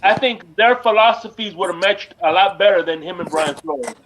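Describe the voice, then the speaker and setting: A man's voice: high voice, normal speed. A man on a sports talk panel, chatting casually and hesitantly with many restarts. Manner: hesitant, stumbling restarts, relaxed. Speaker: panel co-host. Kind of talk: casual sports fan chat. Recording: dull lo-fi remote audio with faint noise.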